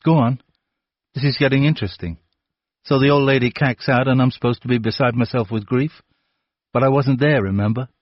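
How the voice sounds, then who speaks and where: A man's voice: mid-range voice, steady tone, fairly quick, no room sound, highs cut off, voice pushed up, close to an everyday voice. A man voicing a sullen, defiant teenage boy who mocks the police in an audiobook. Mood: mocking. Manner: sneering, mocking.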